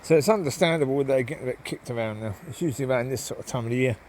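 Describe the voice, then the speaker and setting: A man with a medium-pitched, slightly mellow, nasal voice talks very fast while walking his dogs through the woods. It's a casual, rambling walk-and-talk monologue packed with ums and calls to the dogs, with a little hiss or hum on the recording.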